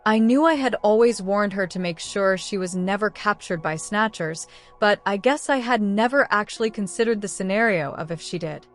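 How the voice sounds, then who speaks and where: A woman narrating a romance audiobook in the first person, reading in a measured, emotive way. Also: medium pitch, faint music behind.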